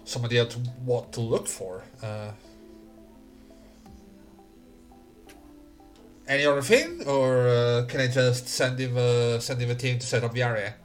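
A man voicing a male dig company employer on a call, halting and full of fillers. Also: mid-range voice, expressive, faint music behind, natural voice. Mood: grateful. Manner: hesitant, halting with many fillers.

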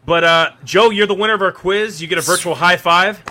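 A man's voice: high voice, brisk, pushed and bright, slight background noise. A man hosting a casual quiz in a playful, teasing way, laughing often. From Kentucky. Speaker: quiz host.

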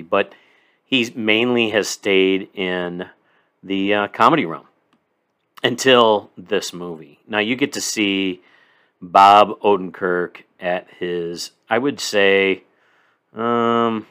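A man's voice: low-pitched, a bit bright. A man from Illinois hosting a casual solo podcast, reviewing a movie in an enthusiastic, rambling way.

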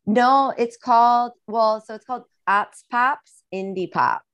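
A young Midwestern American woman, a musician, is a guest on a podcast, chatting casually and rambling a little. Her voice is a little high and a bit bright, she speaks a little slowly, and there's no echo.

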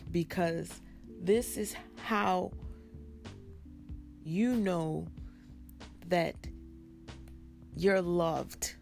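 A woman's voice: on the low side, creaky. A woman preaching a sermon with an emphatic, repetitive cadence.

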